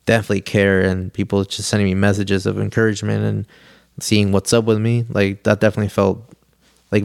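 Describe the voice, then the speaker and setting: Young male guest, low and gravelly, rambling casual storyteller, dry close sound. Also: darkish tone, dry recording. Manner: rambling, heavy use of "like", swears freely. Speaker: podcast guest.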